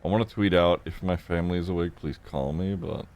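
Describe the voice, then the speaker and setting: A man's voice: low voice, brisk, a little mellow. A man streaming a game role-play, muttering his thoughts aloud in casual chat and swearing a lot.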